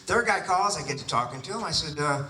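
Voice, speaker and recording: Animated, high-voiced man telling a story. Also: quick pace, roomy sound, recorded from a distance, soft background music, low-quality recording. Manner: animated, acts out both sides of conversations. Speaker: real estate investor telling his story. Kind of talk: storytelling talk to an audience.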